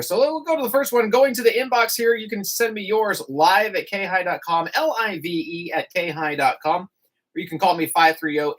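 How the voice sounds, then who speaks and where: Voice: medium pitch, a bit bright. A morning radio host chatting casually and reading out listener jokes with groans and chuckles at a studio microphone.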